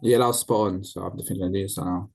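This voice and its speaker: Hesitant low-voiced man on a call. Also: fairly even intonation, rapid-fire, vocal fry. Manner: hesitant, filler-heavy. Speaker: call participant. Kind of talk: asking a question on a group call. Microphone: video call.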